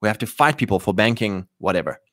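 A man's voice: lowish voice, lively intonation, quick pace, fairly bright tone, dry recording. Emphatic man in a dry, close recording. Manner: emphatic, with many fillers. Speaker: commentator. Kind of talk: opinionated monologue.

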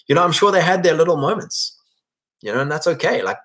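A man gives a relaxed, conversational sermon. His tone is earnest and exhorting, and he urges his audience on. He often slips into acting out the prayers he quotes. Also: fairly high pitch, fast talker. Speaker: Christian speaker. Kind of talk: casual sermon.

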